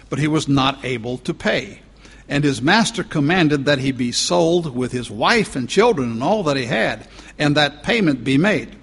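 A male pastor delivers a sermon with a husky edge to his voice, leaning hard on key words and drawing them out for emphasis. The recording carries the long, lingering reverb of a large hall. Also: medium pitch. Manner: emphatic preaching, stretching key words slowly.

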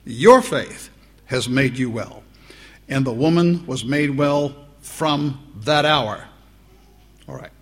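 A man preaching a sermon, teaching slowly through Bible verses and lifting his voice on the quoted lines. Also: mid-range voice, fairly bright tone, husky. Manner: slow, deliberate Bible teaching with rising emphasis on quotes.

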